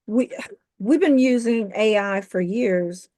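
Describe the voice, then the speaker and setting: A woman hosting a podcast, talking in a relaxed, conversational way with light humor. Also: medium pitch, slow pace. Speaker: podcast host.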